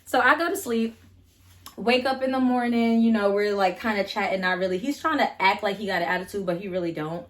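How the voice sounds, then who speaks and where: Young woman, casual storytime vlog, blunt, swears a lot, chatty fillers, mid-pitched voice. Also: fairly quick. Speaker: vlogger.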